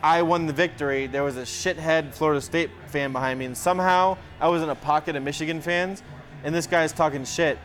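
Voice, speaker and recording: A man's voice: a little high, steady tone, a little fast, a bit bright, soft background music. A man co-hosting a casual sports podcast, telling profane, joking stories. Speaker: podcast co-host.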